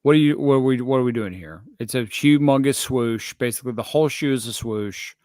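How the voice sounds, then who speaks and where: Animated ranting man, dry close mic. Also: mid-range voice, fairly quick, dry recording. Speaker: podcast co-host. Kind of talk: casual sneaker chat.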